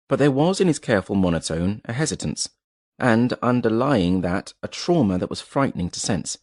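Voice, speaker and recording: A man reading a novel aloud in measured, dramatic storytelling narration. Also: medium pitch, darkish tone, no echo, clean studio sound. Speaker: audiobook narrator. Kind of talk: scripted narration.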